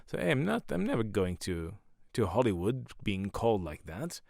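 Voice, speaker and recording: A man's voice: lowish voice, big pitch swings, normal speed, gravelly, a little mellow, no room sound, clean studio sound. A man, a stand-up comedian and podcast host, talking in a rambling casual monologue full of swearing and self-mocking jokes.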